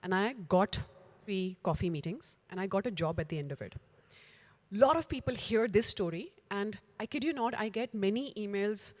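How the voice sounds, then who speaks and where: A middle-aged woman tells a career story to a live audience. Her voice sits at an ordinary pitch for a woman, and she speaks in an animated, lively way. She often stops to check in with her listeners. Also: normal speed. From India. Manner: animated, keeps checking in with "okay?". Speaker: speaker giving a career talk.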